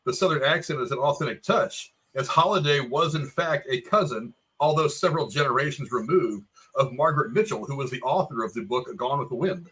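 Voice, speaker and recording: A man's voice: mid-range voice, a little fast, hardly any pauses, a bit bright, husky, poor audio. A man co-hosting a casual movie review chat, rambling a bit and laughing often. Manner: rambling, laughing, restarts a lot. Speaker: podcast co-host.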